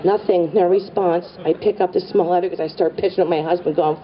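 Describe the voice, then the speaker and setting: A woman's voice: lowish voice, fast talker, few pauses, crowd noise. A middle-aged woman telling a stand-up comedy story in a wry, conspiratorial way, full of asides. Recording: distant, dull live stage recording with audience and noise. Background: audience laughter.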